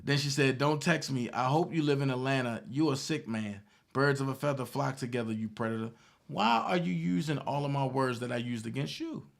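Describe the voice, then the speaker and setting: A man's voice: medium pitch, fairly quick, vocal fry. Indignant man reading out text messages. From Baltimore, Maryland. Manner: indignant, mocking, emphatic repetition. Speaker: online commentator.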